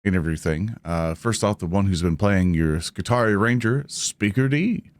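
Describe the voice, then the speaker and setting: A man hosts a casual tabletop game podcast, his voice sitting low. He rambles loosely and laughs often, recorded dry and close. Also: normal speed, no echo. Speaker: host. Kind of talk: casual actual-play podcast chat.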